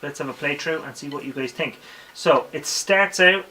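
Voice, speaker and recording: A man's voice: on the high side, moderate pace. A man with an Irish accent teaching drums in a casual spoken tutorial, counting beats aloud between his explanations. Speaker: drum teacher. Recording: drum kit playing loudly behind.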